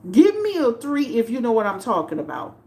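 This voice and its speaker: A woman's voice: fairly high pitch, brisk. Chatty woman livestreaming to her viewers. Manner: animated, talks straight to chat, repeats herself with many fillers. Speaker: tarot reader hosting a livestream. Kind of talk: casual livestream commentary.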